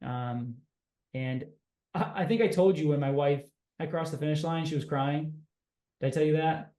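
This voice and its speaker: An energetic man hosting a casual podcast, chatting like an old friend. His voice sits a little high. The room gives it a noticeable echo. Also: moderate pace. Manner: upbeat, energetic, says dude and bro. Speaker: podcast host. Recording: roomy echo.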